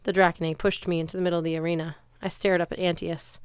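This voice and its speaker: A woman's voice: fairly low pitch, little pitch movement, fast, clean tone, dry recording. A woman reading a novel aloud, telling the story expressively in first person. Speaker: reader.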